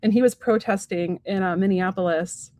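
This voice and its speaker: A woman's voice: medium pitch, normal speed, warm tone, no echo. A woman co-hosting a casual live stream, talking in a rambling, chatty way with lots of fillers and playful quoted voices. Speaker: psychic medium, stream co-host.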